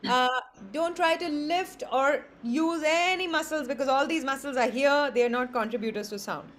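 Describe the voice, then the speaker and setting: A woman with a high, bright-sitting voice leads a group singing class over a video call. She talks students through technique and demonstrates each exercise by singing it herself, sprinkling her corrections with affectionate nicknames. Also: moderate pace. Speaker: voice teacher. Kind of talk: online group singing lesson.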